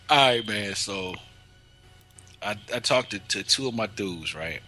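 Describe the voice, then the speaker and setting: A man's voice: fairly low pitch, animated, takes it slowly, pushed and bright, soft background music, low-quality recording. A man co-hosting a casual chat, telling a story in slang with lots of laughter. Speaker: podcast co-host.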